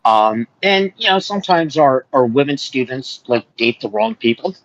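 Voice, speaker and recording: A man's voice: medium pitch, animated, moderate pace, fairly bright tone, no room sound. Man telling a story, lo-fi. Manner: rambling storytelling with many fillers. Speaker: guest on a live stream. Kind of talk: casual chat.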